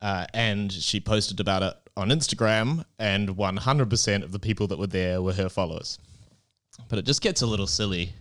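A man co-hosting a casual chat show, telling a story in a relaxed, rambling way with plenty of fillers. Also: on the low side, moderate pace. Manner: easygoing, rambling anecdotes with many fillers. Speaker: comedy club co-owner and podcast co-host. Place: comedy club in Barcelona.

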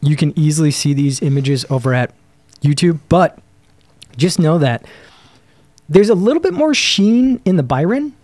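A man co-hosting a casual podcast, talking excitably and enthusiastically, often trailing off mid-sentence as he hunts for words. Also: a little high, moderate pace, pauses often, no echo. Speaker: podcast co-host reviewing cigars. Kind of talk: casual chat.

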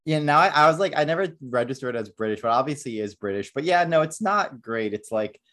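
A man's voice: mid-range voice, animated, fast talker, fairly bright tone. A man hosting a podcast, talking casually about a film and rambling with many filler words. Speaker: podcast host. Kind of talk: casual chat.

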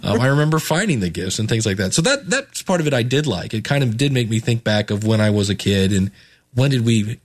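A man's voice: on the low side, big pitch swings, brisk. A man hosting a podcast in casual chat, rambling with many restarts and chuckles. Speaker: podcast host reviewing podcasts.

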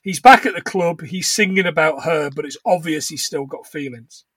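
A man recaps a film for a podcast in a high, bright voice. He chats loosely and laughs as he acts out bits of dialogue, recorded on a dry close mic. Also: normal speed, breathy edge, dry recording. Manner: chatty, laughs often, acts out lines of dialogue. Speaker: podcast co-host. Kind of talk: casual chat recapping a film.

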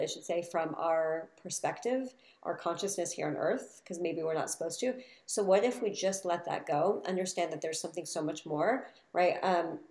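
A woman with a fairly low voice talks casually about her inner life, swinging from soft, slow murmurs to sudden loud, swearing bursts. The room behind her rings with echo. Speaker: spiritual teacher and podcast host. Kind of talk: casual reflective monologue.

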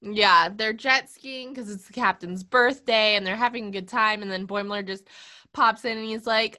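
Bright-voiced woman in a laughing chat. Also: mid-range voice, normal speed. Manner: laughs often, thoughtful and reflective. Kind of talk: casual chat discussing an episode.

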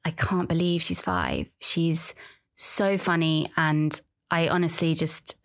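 A woman's voice: deep voice, little pitch movement, slow pace. A woman, chatting casually and candidly on her own, often trailing off and restarting. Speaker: podcast host. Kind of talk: casual solo chat about pregnancy and birth.

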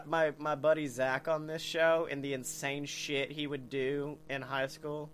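A man's voice: a little high, measured pace, slight background noise. A man co-hosting a casual podcast, telling stories with lots of swearing and laughter. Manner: animated storyteller, swearing, laughing often. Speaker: podcast co-host.

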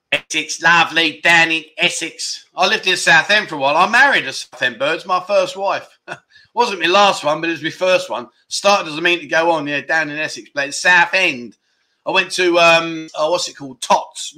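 A man, chatting loosely and jokily like a relaxed livestream host. His voice sits a little high for a man and has a sharp, very bright edge. He rambles from story to story with plenty of asides. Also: moderate pace. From United Kingdom. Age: 50s. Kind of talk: casual chat show, reading viewer comments.

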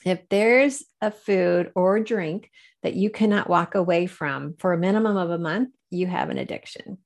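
A woman's voice: fairly low pitch, normal speed, gravelly, a little mellow. A woman guest in a faith-based interview, telling her story with animation, laughing often and acting out the people she quotes.

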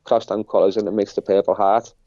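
A middle-aged man with a Liverpool accent tells a story in a casual interview. His voice is mellow and dark, and he rambles and repeats himself. The recording is dry and a little dull and lo-fi. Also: fairly low pitch, level tone, fast, dry recording. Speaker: interview guest. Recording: dull lo-fi sound.

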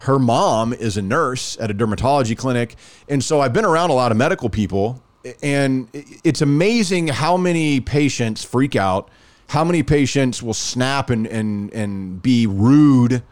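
A man's voice: medium pitch, moderate pace. A man in casual podcast chat, telling a long personal story and acting out the other people's lines. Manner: animated, acts out quoted dialogue.

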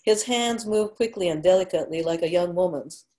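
Female story narrator, measured and unhurried; low, mellow tone. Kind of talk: story reading.

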